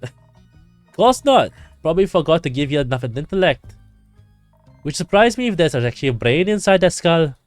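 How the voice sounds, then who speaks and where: A man's voice: fairly high pitch, very animated, moderate pace, long pauses, no room sound, soft background music. A man voicing a grumpy, scornful female dwarf in a video game, with a put-on Scottish accent and a sneering manner. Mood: mocking. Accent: mock Scottish.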